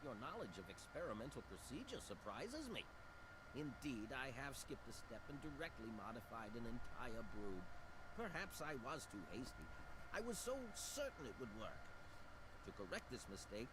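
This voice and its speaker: An actor playing a fussy, nerdy male scientist in a video game, with a prim, pompous and excitable way of speaking. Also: mid-range voice, moderate pace, very noisy, close to an everyday voice. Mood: apologetic. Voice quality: stereotypical nerd voice, prim and precise.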